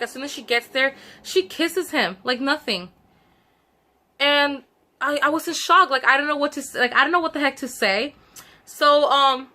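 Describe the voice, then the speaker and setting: Young woman spilling a story to her viewers, bright higher voice, lots of "like" and "you guys". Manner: chatty, many fillers, addresses viewers directly. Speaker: vlogger telling a story time. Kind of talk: casual storytelling to camera.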